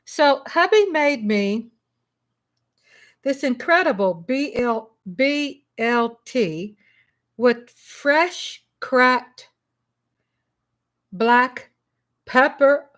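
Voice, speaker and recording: A woman hosting a casual livestream from home, chatty and excitable, breaking into shouts and laughter. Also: high-pitched, drawn-out words, pauses often. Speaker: livestream host.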